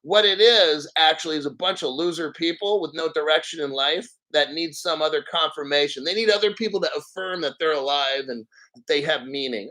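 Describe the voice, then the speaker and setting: A man's voice: a little high, a little fast, pushed and bright, low-quality recording. A man hosting a crypto livestream, ranting bluntly and with profanity while reading viewer comments aloud. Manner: mocks others in exaggerated put-on voices. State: a little out of breath. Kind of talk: casual livestream rant.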